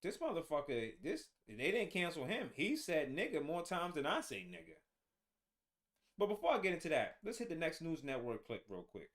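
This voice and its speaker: A man's voice: fairly high pitch, wildly swooping pitch, normal speed, fairly bright tone. A man hosting his own show, delivering heated, profane political commentary with frequent restarts. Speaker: show host.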